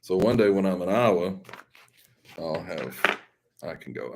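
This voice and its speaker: A Southern man with a deep, low voice chats loosely with his viewers. He rambles and jokes at his own expense in an easygoing, folksy way. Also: animated, a little slow, background noise. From Mississippi. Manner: rambling, folksy, self-deprecating. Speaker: live stream host. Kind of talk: casual chat with viewers.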